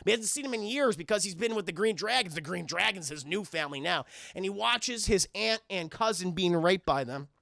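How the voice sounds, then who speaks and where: A man's voice: high-pitched, animated, a little fast, gravelly, hardly any pauses, pushed and bright, dry recording, studio quality. A man recapping a film live for his stream chat, rambling and swearing freely as he goes. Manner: rambling, profane, addresses chat.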